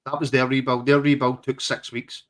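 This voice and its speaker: A man co-hosting a podcast, talking in an eager, animated way. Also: mid-range voice, moderate pace. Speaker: podcast co-host. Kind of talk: casual chat.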